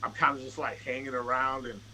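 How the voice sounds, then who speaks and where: A man's voice: medium pitch, brisk, muffled recording, a little hiss or hum. A man guest on a podcast, a rapper telling a casual, profane story and acting out what people said. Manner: profane, animated, acts out quotes.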